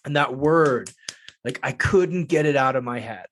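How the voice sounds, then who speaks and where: Energetic, foul-mouthed male storyteller. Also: medium pitch, moderate pace. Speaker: podcast guest. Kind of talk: casual storytelling.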